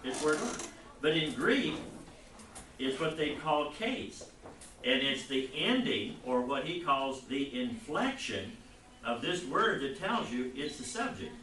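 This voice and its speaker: A man teaching a Bible class, lecturing in a rambling, halting way and putting questions to the class. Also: a little high, sing-song, pushed and bright, slight background noise. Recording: echoey classroom recorded from far off.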